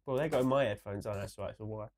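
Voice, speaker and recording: A young man co-hosting a casual podcast, ranting and rambling with many restarts, a little hoarse from a recent cold. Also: lowish voice, fast talker, noisy background. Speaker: podcast co-host.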